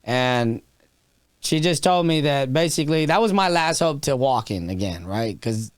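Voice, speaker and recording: A man's voice: medium pitch, animated, moderate pace, no echo, studio quality. A man in his thirties, a podcast guest telling a raw, emotional story, swearing freely and restarting his sentences. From Texas. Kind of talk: candid storytelling interview.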